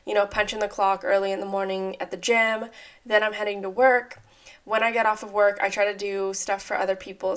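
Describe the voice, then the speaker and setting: Young woman with a bit of a rough hoarse voice, rambly chatty podcast talk from home, lots of ums. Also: mid-range voice. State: slightly hoarse. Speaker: podcast host. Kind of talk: casual solo podcast talk. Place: apartment at home.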